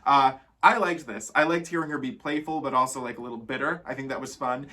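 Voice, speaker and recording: A man hosting a casual music reaction, talking animatedly and breaking into sudden high exclamations. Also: fairly even intonation, fast talker, pushed and bright.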